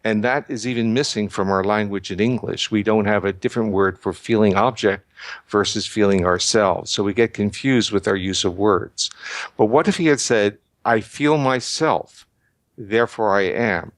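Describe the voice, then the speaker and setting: An older man giving measured, lecturing explanations as an interview guest, often restarting his sentences. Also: on the low side, no echo. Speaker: guest researcher.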